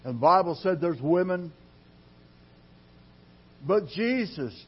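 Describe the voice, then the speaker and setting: A man preaching a sermon in a dramatic style, dropping to a hush and then rising loud, drawing his words out slowly. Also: high voice, animated, slightly rough. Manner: dramatic preaching with sudden loud rises and quiet drops; slow, drawn-out delivery. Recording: dull lo-fi sermon recording.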